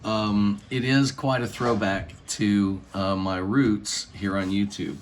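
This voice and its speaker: A man's voice: on the low side, flat delivery, slow pace, a little hiss or hum. Rambling middle-aged man vlogging on phone. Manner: meandering, lots of fillers and restarts; warm, earnest, laughs between phrases. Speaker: YouTuber. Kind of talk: rambling casual vlog.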